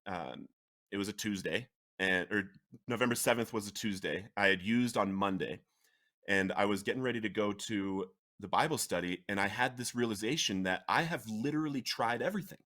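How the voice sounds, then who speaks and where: A man in his thirties, a podcast guest, earnestly telling his personal recovery story with animated, emotional delivery and laughs at the dramatic turns. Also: fairly low pitch, a little fast.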